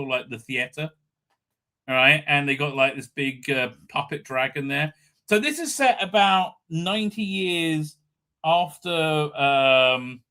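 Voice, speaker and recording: On a live stream he hosts, a man with a high-leaning, bright, forceful voice loosely recaps an episode. He rambles, restarts with stammers again and again, and keeps tacking "right?" onto his sentences.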